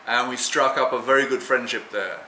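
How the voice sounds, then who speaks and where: A man introducing himself calmly to a friend's grandmother on camera. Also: mid-range voice, a little fast, roomy sound, slight background noise, low-quality recording.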